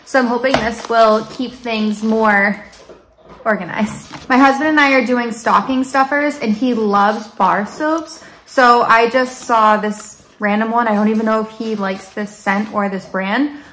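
A woman's voice: a little high, fairly even intonation, measured pace, a bit bright, slight background noise. A young adult woman chatting casually in a haul vlog, enthusiastic and sometimes dropping into a half-whisper. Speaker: vlogger.

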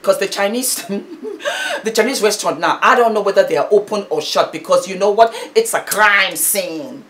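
Brief: middle-aged British woman, commentator, emphatic and preachy, repeats lines for effect, mid-pitched. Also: very animated, normal speed, a bit bright. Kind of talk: impassioned commentary.

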